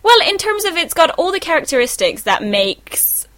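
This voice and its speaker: A woman's voice: very high voice, sing-song, moderate pace, a bit bright, dry recording. A young woman co-hosting a podcast, talking in a thoughtful, chatty way with fillers and small self-corrections. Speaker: podcast co-host. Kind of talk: casual chat.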